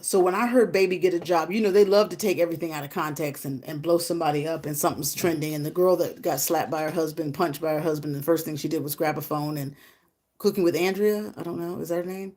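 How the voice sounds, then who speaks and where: A rambling, chatty woman hosting a casual livestream. She has a fairly low voice that leaps into high, loud exclamations. She talks straight to her viewers and greets them by name. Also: fairly even intonation, brisk. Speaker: livestream host.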